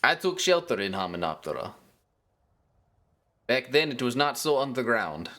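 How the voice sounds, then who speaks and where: A man's voice: mid-range voice, sing-song, moderate pace, fairly bright tone. A man putting on a grave Egyptian-accented storyteller. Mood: ominous. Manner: dire, storytelling, theatrical. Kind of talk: tabletop role-play character voice.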